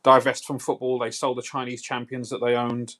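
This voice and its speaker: A man's voice: medium pitch, monotone, a little fast, a bit bright. A man calling in to a live show, talking football in a thoughtful way with many fillers. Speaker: caller. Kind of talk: casual call-in chat.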